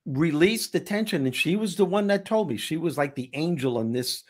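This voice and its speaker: A man hosting a talk show, telling a personal story in a lively way with frequent restarts. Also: on the high side, moderate pace. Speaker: host. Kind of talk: casual storytelling chat.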